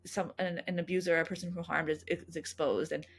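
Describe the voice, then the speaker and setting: A woman guest answering interview questions in an earnest, fast way, restarting and repeating words often. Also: on the low side, flat delivery, creaky, slightly rough. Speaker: guest, youth engagement coordinator at a health nonprofit.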